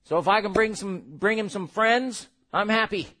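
High-voiced animated male preacher. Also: moderate pace. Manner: animated, acts out quotes, laughs. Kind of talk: sermon.

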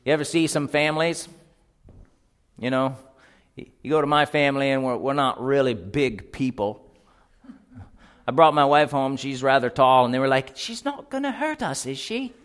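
A middle-aged man preaching a sermon in an animated, joking way, acting out little voices as he reads and retells scripture. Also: mid-range voice, moderate pace, pauses often, smooth.

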